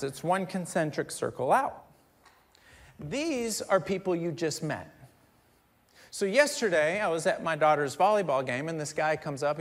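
A middle-aged male pastor with a fairly high voice delivers a conversational sermon. He jokes with the congregation and swings between quiet asides and loud, emphatic bursts.

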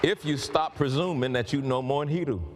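A man preaching a sermon, fervent and building up to shouts. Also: medium pitch, fairly quick, a faint crowd, a little hiss or hum. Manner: fervent, building to shouts, calls and responses with the congregation.

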